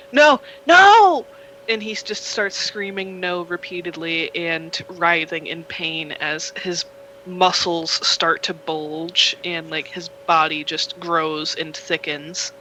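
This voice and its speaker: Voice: medium pitch, sharp tone, a little hiss or hum, poor audio. A game master narrating a tabletop game in a casual, rambling way, full of fillers. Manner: rambling, filler-heavy storytelling.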